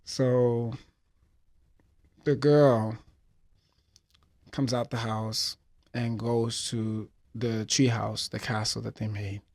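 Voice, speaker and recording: A man's voice: mid-range voice, little pitch movement, takes it slowly, vocal fry. Heartfelt hesitant man telling a sad story. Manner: heartfelt and hesitant, reflective about grief. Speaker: podcast host. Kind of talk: personal storytelling podcast.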